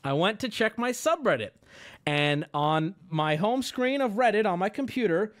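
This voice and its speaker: A man's voice: sits high, lively intonation, normal speed. A man livestreaming an exasperated, profane and self-mocking rant to his viewers, breaking into bursts of laughter. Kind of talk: ranting stream monologue.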